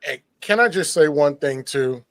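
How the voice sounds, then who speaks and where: A man hosting a casual stream chat, telling stories in an excitable, profane way. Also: a little high, normal speed, a crowd in the background.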